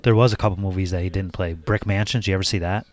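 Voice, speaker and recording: Deep-voiced laid-back young man. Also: steady tone, racing. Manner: laid-back, joking, chatty. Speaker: co-host watching a film. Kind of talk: casual chat.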